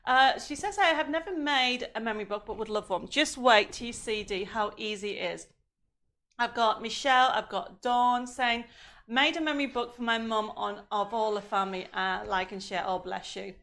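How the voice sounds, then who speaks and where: A woman on a live-stream reads viewer comments and greetings aloud while hosting a craft show from her home studio. She talks at a moderate pace in a fairly bright voice on the high side, slightly strained, coughing as her voice goes.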